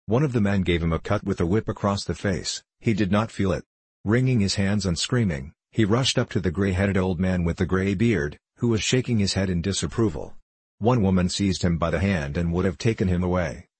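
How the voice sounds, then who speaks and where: A man narrating a classic novel in a measured, steady storytelling voice. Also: low voice, breathy edge, no echo. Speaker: audiobook narrator.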